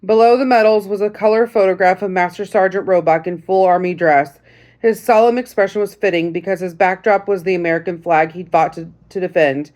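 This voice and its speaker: A woman narrating a first-person audiobook in a measured, reflective storytelling manner. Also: on the low side, steady tone, darkish tone.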